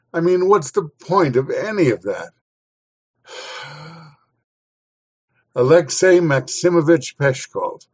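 A man's voice: mid-range voice, darkish tone, rough recording. A man hosting a podcast, with dry, sardonic commentary before reading a historical essay aloud. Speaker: podcast host.

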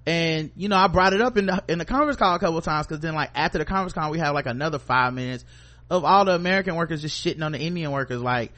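A man hosting a podcast tells a long work story in an easy, casual way. He throws in quoted voices of coworkers and swears freely. His voice sits a little higher than most men's. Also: very fast, sharp tone. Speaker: podcast co-host.

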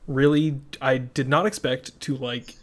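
A man's voice: medium pitch, steady tone, measured pace. A man co-hosting a film podcast, easygoing and agreeable, who laughs often and moves the talk along. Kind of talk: casual film review chat.

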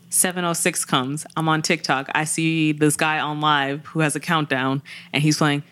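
A woman co-hosting a podcast relates a news story in casual chat, animatedly imitating the voices of those she quotes. She speaks low, at a normal speed, with hardly any pauses.

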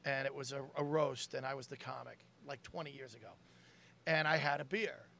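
A man's voice: mid-range voice, fairly even intonation, fairly quick, creaky, fairly bright tone, a little hiss or hum. A man, a comedian, telling a wry, self-deprecating story in a casual chat at a comedy club.

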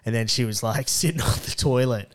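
Young Australian man, podcast co-host, mid-pitched voice, crude joking storyteller, animated. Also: brisk. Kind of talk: casual storytelling chat.

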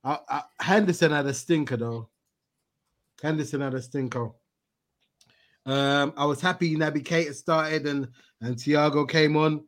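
Animated bloke talking football. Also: male voice, on the high side, a little slow, pauses often. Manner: animated, exclamatory, slangy. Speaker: podcast host reading viewer comments. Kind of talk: casual football chat.

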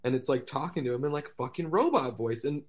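A man's voice: mid-range voice, expressive, fast talker. A man guesting on a casual podcast, telling loose stories with frequent laughs and little sound imitations.

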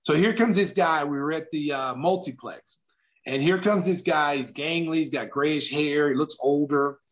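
Animated storytelling man from Oklahoma. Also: fairly high pitch, normal speed. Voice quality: animated storyteller who acts out quotes. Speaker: guest, former basketball player. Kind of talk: casual anecdote telling.

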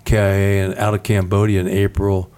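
A man with a fairly low voice runs the interview. He offers brief supportive replies and fills in background facts in a relaxed, conversational way. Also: a little fast, smooth, faint music behind. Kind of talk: interview, casual.

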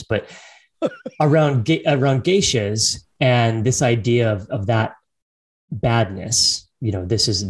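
Relaxed man hosting a podcast. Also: lowish voice. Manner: relaxed, rambling, hesitant paraphrasing with small laughs. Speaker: podcast host. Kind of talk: casual conversation.

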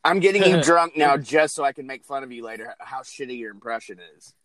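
Lively, laughing man on a podcast. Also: medium pitch, brisk, no room sound. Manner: laughs a lot, animated and crude. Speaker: podcast co-host. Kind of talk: casual crude movie chat.

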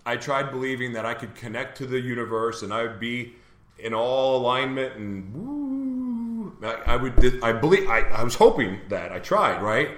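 A man hosting a live morning show speaks in an earnest, candid way as he tells a personal story. His voice sits at an ordinary middle pitch. The room around him is echoey. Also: moderate pace, a bit bright. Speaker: host. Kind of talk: live confessional talk show.

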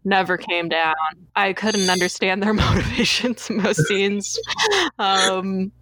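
A woman's voice: medium pitch, steady tone, a little slow, fairly bright tone, no room sound. A woman from Canada co-hosting a film podcast in casual chat, laughing often and hedging with fillers. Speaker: podcast co-host.

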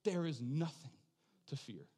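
Impassioned high-pitched male preacher. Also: very animated, a little slow, slightly rough. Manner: impassioned, builds to shouting then drops to soft prayer. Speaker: pastor. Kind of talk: sermon. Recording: long hall reverb.

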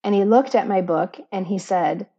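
Recorded on a laptop microphone with lo-fi sound, a woman co-hosting a podcast shares a heartfelt, earnest story in a reflective chat, sprinkling in self-deprecating remarks. Her voice is husky and medium-pitched, and she talks at a normal speed.

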